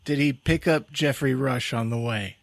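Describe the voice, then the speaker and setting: A man's voice: mid-range voice, normal speed, vocal fry, dry recording. A man co-hosting a podcast, reacting to the story with short, wry jokes. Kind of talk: casual chat.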